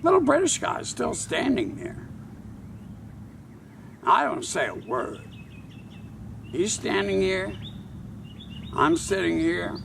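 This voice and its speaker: An older man, a tour guide and author, telling a wry, measured anecdote to camera outdoors. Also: high voice, very animated, vocal fry, a bit bright, recorded from a distance, slight background noise. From Charleston, South Carolina.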